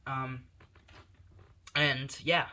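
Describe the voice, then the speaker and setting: A man's voice: medium pitch, fairly even intonation, very slow, pushed and bright. A man telling an improvised fan story in a rambling way full of fillers, recorded on a tablet.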